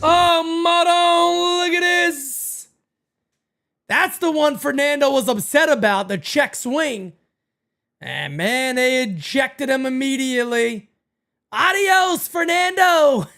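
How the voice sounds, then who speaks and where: A man hosting a live baseball watch-party stream, giving excitable, profane play-by-play and often shouting. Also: very high voice, takes it slowly.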